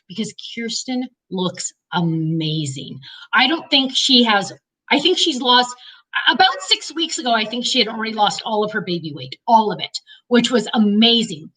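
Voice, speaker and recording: A woman's voice: a little high, moderate pace, sharp tone, distant mic, rough recording. A middle-aged woman chatting casually in a personal vlog, rambling through stories and talking to her dog. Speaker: vlogger.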